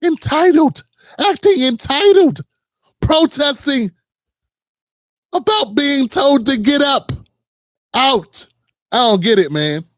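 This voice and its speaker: Mocking high-voiced male commentator. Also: expressive, slow, long pauses, fairly bright tone, no room sound, studio quality. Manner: mocking, slangy, puts on voices to mimic. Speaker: political commentary host. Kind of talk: casual reaction commentary.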